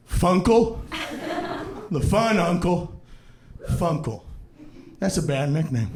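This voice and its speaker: A male comedian tells stories on a handheld mic in a fairly high, conversational voice, landing punchy asides. The venue sounds roomy, and loud audience noise and clicks sit under him. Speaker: stand-up comedian. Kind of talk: stand-up comedy set.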